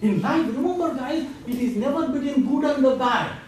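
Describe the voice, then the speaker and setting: A man lecturing a class, animated and quizzing students with playful asides. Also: extremely high pitch, moderate pace. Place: large echoey lecture room. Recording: echoey classroom from far off, faint hiss.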